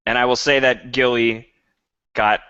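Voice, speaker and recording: A man's voice: medium pitch, level tone, measured pace, sharp tone, clean tone, no echo. A man co-hosting a podcast in casual chat, playful and mock-dramatic. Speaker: podcast co-host. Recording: dull lo-fi podcast audio.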